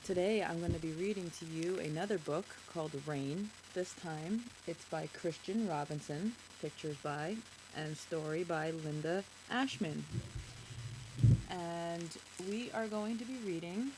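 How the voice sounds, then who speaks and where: A woman's voice: lowish voice, unhurried, background noise. A woman hosting a children's show, reading a picture book aloud and chatting with kids, asking them questions.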